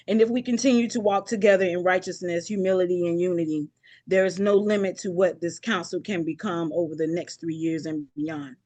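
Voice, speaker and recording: A woman's voice: lowish voice, steady tone, brisk, mellow. Impassioned woman keynote speaker on a video call. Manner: impassioned, rhythmic lists, frequent apologies. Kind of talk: emotional anniversary speech. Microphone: video call mic.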